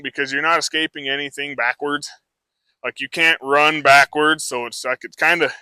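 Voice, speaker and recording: A man's voice: mid-range voice, pushed and bright, clean tone, dry recording. A man who trains horses, talking a live audience through a demonstration in a casual, rambling way full of fillers.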